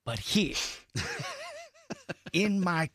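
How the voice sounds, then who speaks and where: A man putting on a slow, drawling impression of a famous film actor. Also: high voice, wildly swooping pitch, a bit bright, breathy edge, dry recording, full character voice.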